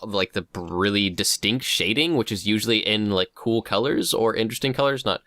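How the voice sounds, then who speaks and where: A man's voice: lowish voice, moderate pace, sharp tone, dry recording, studio quality. A man co-hosting a casual podcast, rambling through his thoughts with many fillers. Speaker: podcast co-host discussing fan art. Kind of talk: casual chat.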